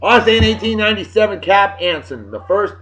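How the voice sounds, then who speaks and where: A man from Massachusetts, running through historical events of the day in a loud, jokey, opinionated way. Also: high-pitched, sing-song, fast, rough recording. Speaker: video blogger. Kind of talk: casual daily history rundown.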